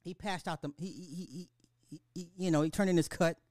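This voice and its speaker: Animated, slangy man podcasting. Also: a little high, a little fast, dry recording, clean studio sound. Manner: animated, swearing, slangy, many restarts. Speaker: podcast host. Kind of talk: casual chat.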